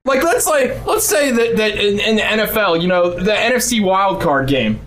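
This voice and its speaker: High-voiced profane man ranting. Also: animated, moderate pace, a bit bright. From United States. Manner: profane, sarcastic ranting, swears constantly. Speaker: podcast host. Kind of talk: casual ranting podcast chat.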